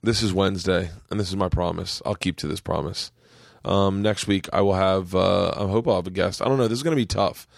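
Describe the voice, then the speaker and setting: Host read: middle-aged man, casual and profane, jokey, gravelly voice, dry close sound. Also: brisk, no room sound. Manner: profane, joking, puts on a high drawling yokel voice at times. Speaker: podcast host. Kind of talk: casual chat. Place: home man cave studio.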